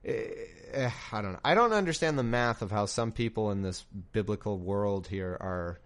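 A man's voice: on the low side, expressive, normal speed. A young man reading scripture aloud and breaking off into sarcastic, incredulous, rambling commentary.

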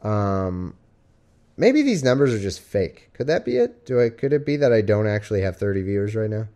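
Very animated yet moderately paced, this man's low-leaning voice has a dark tone. Hosting a livestreamed podcast from home with his cat, he chats in a rambling, joking way with plenty of fillers.

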